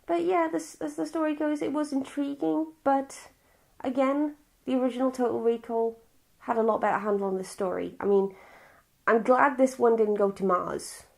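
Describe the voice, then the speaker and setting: A woman's voice: fairly high pitch, normal speed, vocal fry, darkish tone. A woman from Wales with a Welsh accent, casually reviewing a film in a chatty, rambling, blunt way. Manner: rambling, chatty and blunt, with frequent restarts and swearing.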